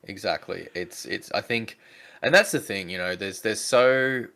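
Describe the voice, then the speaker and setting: A man co-hosting a music podcast who talks in a slow, halting, casual way. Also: fairly low pitch, gravelly, sharp tone. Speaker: podcast co-host. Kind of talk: casual chat.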